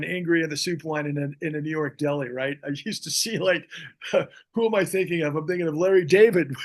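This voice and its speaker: A middle-aged man hosting a podcast, ranting about politics in a fiery, rambling way with many restarts. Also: fairly high pitch. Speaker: podcast host. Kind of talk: impassioned political talk.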